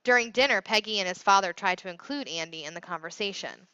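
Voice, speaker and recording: Bright-voiced woman reading a novel. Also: medium pitch, fast, clear, resonant tone, dry recording. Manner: steady storytelling. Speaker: audiobook reader. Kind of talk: scripted narration. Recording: dull dry recording.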